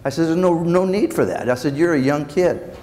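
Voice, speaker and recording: A man's voice: a little high, a little fast, a little mellow. An older man, a former baseball manager, telling blunt anecdotes at a luncheon Q&A and acting out the dialogue. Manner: blunt, acts out quoted dialogue. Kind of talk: anecdotal storytelling in a Q&A. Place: large banquet hall. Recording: long reverb in a large hall, faint room noise.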